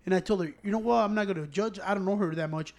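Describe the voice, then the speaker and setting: High-voiced, foul-mouthed man telling a story. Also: fast. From United States. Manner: profane, animated, switches between English and Spanish. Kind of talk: casual storytelling among friends.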